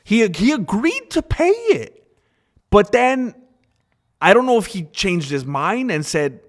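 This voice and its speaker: A man hosting a casual opinion commentary, talking in an animated, repetitive way and acting out the voices of people he quotes. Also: high voice, slow. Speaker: commentary channel host.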